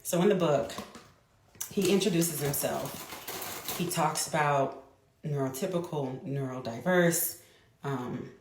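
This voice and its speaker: Low-voiced woman telling a story. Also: slight background noise. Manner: chatty, quick bursts with restarts. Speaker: mother. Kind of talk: casual storytelling vlog. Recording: echoey room.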